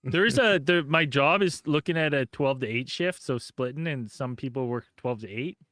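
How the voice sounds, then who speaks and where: A man's voice: mid-range voice, moderate pace, no echo, studio quality. A man co-hosting a casual podcast chat, telling stories with lots of laughing and swearing. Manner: animated storyteller, heavy swearing, laughs often. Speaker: podcast co-host.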